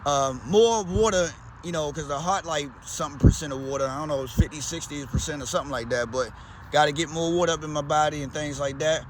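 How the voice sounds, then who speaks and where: A man's voice: on the high side, fast talker, noisy background. A man with a Baltimore accent, talking in a loose, slangy, rambling way as a vlogger. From Baltimore, USA. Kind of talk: casual rambling chat.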